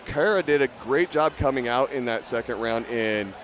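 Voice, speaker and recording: A man's voice: mid-range voice, normal speed. Chatty male fight commentator. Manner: stammering restarts, upbeat and chatty.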